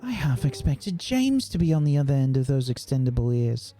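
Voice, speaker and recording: A man's voice: medium pitch, big pitch swings, brisk, dark tone. A man voicing a prim, disapproving teenage schoolgirl in a tabletop game, speaking in a stern, scolding way.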